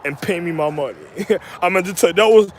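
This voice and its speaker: A man's voice: sits high, fairly quick, slight background noise. A man telling rambling stories in a casual monologue, laughing through his words and repeating himself. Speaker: storyteller.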